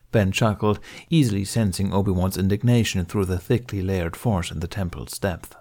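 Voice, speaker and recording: Male narrator, low voice, steady even read for a fan fiction audiobook. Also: moderate pace, few pauses.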